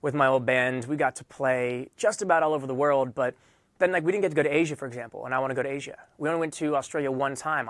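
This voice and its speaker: A man's voice: medium pitch, fairly bright tone, no room sound. A man casually chatting to his livestream audience between songs, loose and rambling with lots of fillers. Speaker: singer-songwriter hosting a livestream. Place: indoor room under hot lights.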